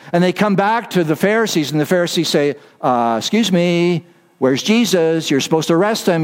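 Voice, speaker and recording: Guy preaching a sermon, high voice, swings up and down a lot, hammers phrases twice. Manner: emphatic, repeats key phrases, acts out quoted voices. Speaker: pastor.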